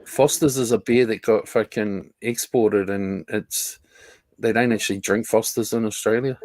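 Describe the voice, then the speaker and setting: A man's voice: lowish voice, steady tone, normal speed, darkish tone, no room sound. A man in casual chat on a stream, rambling and filler-heavy, swearing offhandedly as he talks.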